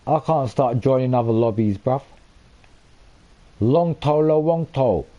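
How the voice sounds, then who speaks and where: A man's voice: medium pitch, a little slow, mellow, lo-fi sound. A young man commenting casually on his gameplay for viewers, swearing often and getting worked up. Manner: swears a lot, talks to his viewers, flares up in frustration. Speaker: live-streaming gamer.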